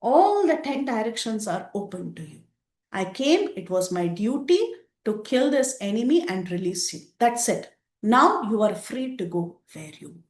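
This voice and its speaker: A woman voicing a stern young prince who speaks in a measured, distant way. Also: medium pitch, sing-song, a little mellow, lightly acted. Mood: cold. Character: stern young prince rejecting his wife. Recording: roomy echo.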